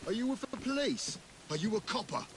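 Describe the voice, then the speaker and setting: Game thief: high, wildly swinging pitch, frightened and pleading. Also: male voice, expressive, fairly quick, noisy background. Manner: pleading, whimpering. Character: terrified male jewel thief begging for mercy. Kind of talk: video game voice acting.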